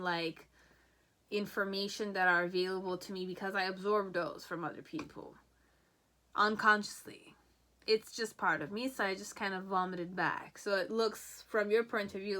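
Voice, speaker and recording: A woman tarot reader does a casual pick-a-card reading, chatty and rambling, frequently checking in with "okay?" and "you know." Her voice is mid-range with a fairly bright tone.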